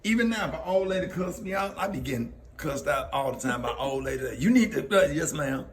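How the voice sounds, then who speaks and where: A man's voice: on the high side, a little fast, fairly bright tone, a little hiss or hum. A man hosting a radio show, telling personal stories in a casual way and laughing often. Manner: laughs often, tells stories with quoted voices. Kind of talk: casual storytelling on air.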